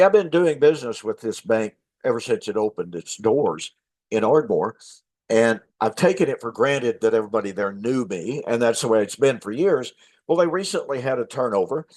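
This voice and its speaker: A man's voice: medium pitch, a little mellow, dry recording. Chatty older man telling a story. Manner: chatty storyteller, many fillers and restarts. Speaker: host, minister. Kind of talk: casual anecdote to viewers.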